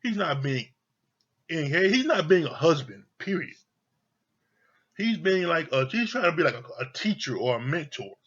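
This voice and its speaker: A man with a slightly high, husky voice rants through a reality TV review, swearing freely and hammering each point home. He sounds fed up and emphatic, and the recording comes across dull and lo-fi. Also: sing-song, normal speed, a bit bright. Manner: profane, exasperated, emphatic repetition. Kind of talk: heated review rant.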